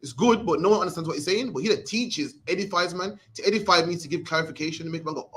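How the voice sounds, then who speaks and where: A young man with a Birmingham accent talks fast as he teaches a scripture class, his voice sitting a bit high for a man. He is streetwise and conversational and keeps tagging phrases with "man". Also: fairly bright tone. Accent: Birmingham English.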